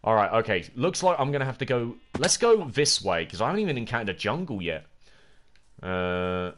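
A man's voice: mid-range voice, sing-song, brisk, fairly bright tone, slight background noise. A man livestreaming a video game, rambling, humming to himself and reading chat aloud. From United Kingdom. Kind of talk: gaming livestream chatter.

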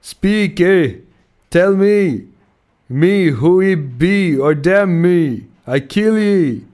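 A man's voice: medium pitch, unhurried, natural voice. A man voicing a fierce tattooed male harpooner who growls threats in broken English. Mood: threatening.

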